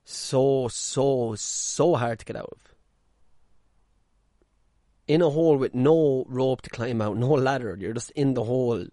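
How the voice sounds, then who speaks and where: A man's voice: mid-range voice, measured pace, pauses often, dark tone, no room sound, clean studio sound. A man hosting a casual monologue podcast from a caravan, talking bluntly, swearing freely and now and then mocking people in put-on voices. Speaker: podcast host.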